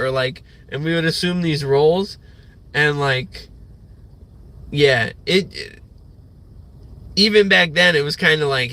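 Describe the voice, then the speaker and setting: A young man delivers a loose, profane morning rant on a livestream, padding every thought with fillers. His voice sits fairly high with a bright, forward edge, and he lets the words come out slowly and unhurried. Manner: rambling, profane, filler-heavy. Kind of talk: rambling morning rant monologue.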